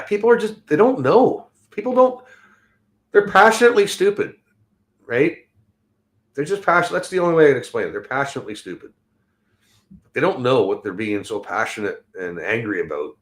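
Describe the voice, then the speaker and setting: A man's voice: lowish voice, fairly bright tone. A Canadian man hosting a livestream podcast, ranting heatedly with heavy swearing and reading out viewer chat. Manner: heated, swearing often, mocks others in quoted voices. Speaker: podcast host.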